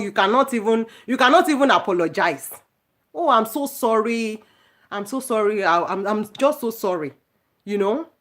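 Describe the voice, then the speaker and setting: A woman's voice: a little high, fairly bright tone. Indignant woman vlogger ranting to camera. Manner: indignant, repetitive, emphatic. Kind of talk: casual ranting monologue to viewers.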